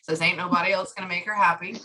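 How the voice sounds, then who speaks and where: A woman giving a psychic reading, relaying a spirit's words in chatty, lively bursts. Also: on the low side, fast talker, rough recording. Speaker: psychic medium.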